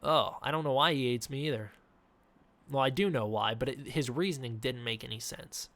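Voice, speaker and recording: A man's voice: medium pitch, moderate pace, fairly bright tone. A young man chatting casually on a live stream from home, reading viewer questions with a desk mic. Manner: casual, reads chat questions, frequent fillers. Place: indoors at home. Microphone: desk mic with face cam.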